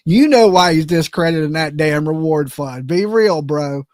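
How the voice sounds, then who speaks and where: A man's voice: on the high side, measured pace, few pauses, dry recording, clean studio sound. A man hosting a live commentary stream, ranting bluntly and profanely at the people he talks about. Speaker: livestream commentary host.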